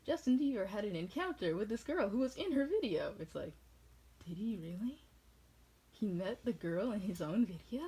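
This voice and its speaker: A woman's voice: medium pitch, expressive, moderate pace, dark tone, slightly rough, rough recording. A woman from New England rambling through tangents in a casual chat. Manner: rambling, jumps between tangents.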